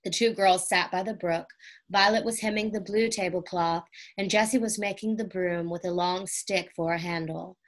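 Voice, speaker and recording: A woman reading a classic children's chapter book aloud in a gentle, unhurried storytelling manner. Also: on the low side, steady tone. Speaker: audiobook reader.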